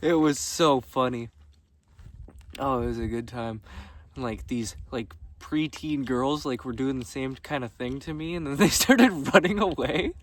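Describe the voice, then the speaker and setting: A young man telling stories casually, laughing often and swearing freely while walking outdoors on a gravel road. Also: medium pitch, a little slow. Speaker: vlogger. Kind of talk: casual storytelling. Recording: distant mic with faint background noise.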